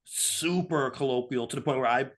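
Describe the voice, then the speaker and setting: A man's voice: mid-range voice, moderate pace. A man co-hosting a political talk show, speaking casually and putting on voices to make his points. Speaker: podcast co-host.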